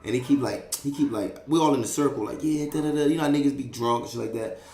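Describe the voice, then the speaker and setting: A young man tells a story in a loose, streetwise way, swearing freely and filling the gaps with sound effects and checks on his listener. His voice sits at an ordinary middle pitch. The room around him rings with a clear echo. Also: quick pace, slight background noise. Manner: streetwise, profane, animated, fillers like "you know what I mean". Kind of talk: casual storytelling.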